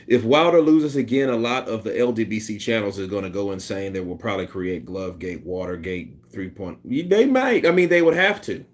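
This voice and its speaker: A man talking boxing on a casual live stream, his pitch swinging up and down as he goes. He swears freely and laughs often, reacting loosely to viewers' comments. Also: expressive, brisk, few pauses. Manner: loose and profane, with bursts of laughter; imitates punch sounds and quotes people in put-on voices. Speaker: boxing commentary host reading live chat.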